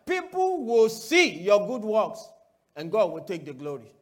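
A man preaching a sermon to his church, asking rhetorical questions and calling for answers, moving between loud declarations and quiet asides. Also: high-pitched, wildly swooping pitch, measured pace.

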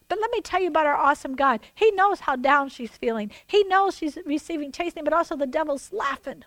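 A woman with a high voice preaches a sermon. She is animated and swings between loud declarations and hushed asides, and voices God and others in quotes. The sound is close and dry, with no room echo. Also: quick pace, hardly any pauses.

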